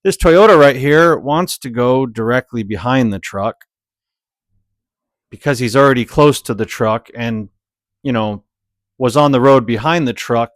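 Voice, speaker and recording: A man's voice: medium pitch, no room sound. A young adult man commentating on dashcam driving clips in a casual, exasperated and sarcastic way. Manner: exasperated, sarcastic, animated when ranting.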